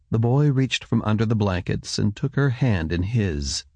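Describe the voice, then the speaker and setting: A male audiobook narrator with a low, gravelly voice and a husky grain. He reads in an even, measured way, recorded close and completely dry. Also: no room sound. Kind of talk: scripted narration.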